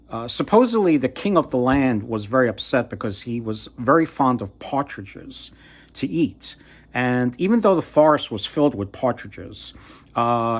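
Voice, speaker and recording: A man casually retelling a fairy tale from memory, halting and often trailing off to restart. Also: mid-range voice. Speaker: storyteller.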